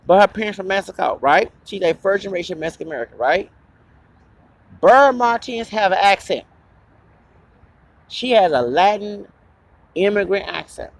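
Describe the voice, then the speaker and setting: A man's voice: sits high, animated, normal speed, gravelly, pauses often, no room sound. A man hosting his own channel, delivering an angry, profane and rambling confrontational vlog rant. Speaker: channel host.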